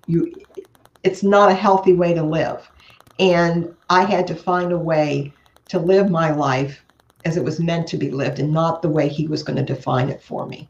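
A woman's voice: deep voice, fairly even intonation, moderate pace. Older woman, earnest, echoey and muffled. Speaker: guest, author. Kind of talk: interview. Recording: echoey, muffled remote audio.

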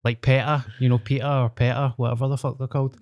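A man with a Glaswegian Scottish accent hosting a podcast, rambling in a casual, sweary, deadpan way. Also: medium pitch, fast talker, no echo. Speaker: podcast host. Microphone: podcast mic.

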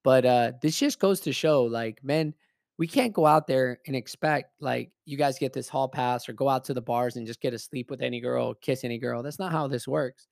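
A man's voice: mid-range voice, normal speed, creaky, a little mellow, no room sound, clean studio sound. Blunt, profane man telling a story. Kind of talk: casual spoken storytelling.

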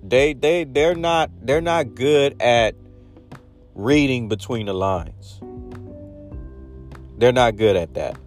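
A man's voice: medium pitch, slow, pauses often, faint music behind. A man in a casual monologue giving blunt dating advice, acting out little scenes as he goes. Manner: blunt, animated storytelling with acted-out quotes.

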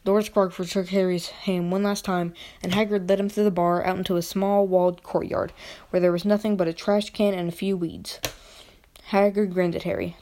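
A woman reading a children's novel aloud at an unhurried pace, now and then stumbling and restarting a word. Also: fairly low pitch, flat delivery, warm tone. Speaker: reader. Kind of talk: amateur audiobook reading.

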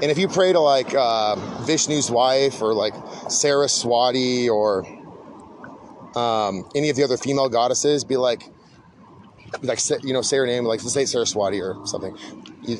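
A man's voice: medium pitch, a bit bright, a little hiss or hum. A man hosting a podcast in a rambling, casual monologue, laid-back and swearing often, calling people "dude". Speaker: podcast host.

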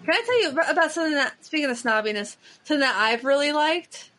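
A woman's voice: high-pitched, lively intonation, fast, fairly bright tone. A woman hosting a podcast, chatting casually and enthusiastically, with lots of filler words. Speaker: podcast host. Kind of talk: casual chat.

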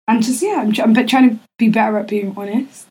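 Husky young woman co-hosting a podcast. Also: on the high side, fairly even intonation, quick pace, dark tone, rough recording. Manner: laughs often, slangy, sweary. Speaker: podcast co-host. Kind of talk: casual chat.

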